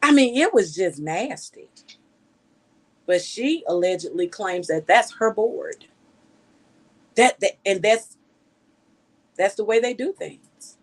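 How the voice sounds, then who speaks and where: A woman's voice: medium pitch, lively intonation, takes it slowly, long pauses. A woman journalist giving outspoken, scolding news commentary full of rhetorical questions.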